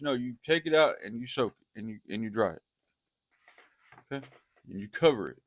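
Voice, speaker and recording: A man who preaches casually to his viewers, animated and repeating himself as he talks straight at them. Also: medium pitch, brisk, long pauses, dry recording. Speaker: online preacher.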